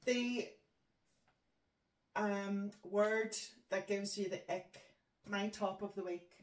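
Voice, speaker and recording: Northern Irish woman co-host, mid-pitched, casual and self-deprecating, echoey distant recording. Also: fairly even intonation. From Northern Ireland. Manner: chatty, self-mocking, quick to laugh. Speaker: podcast co-host. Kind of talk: casual chat. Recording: echoey room, distant mic.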